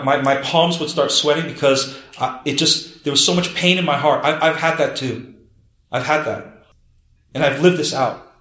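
Earnest male pastor with a somewhat high voice, preaching a story-led sermon, roomy sound. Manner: earnest, drops to soft low tones for emphasis. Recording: roomy echo.

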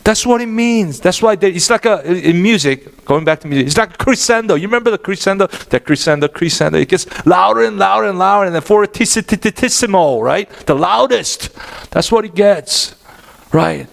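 Animated pastor preaching, man. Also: high voice, normal speed, gravelly. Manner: animated, asks the congregation questions. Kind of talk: sermon.

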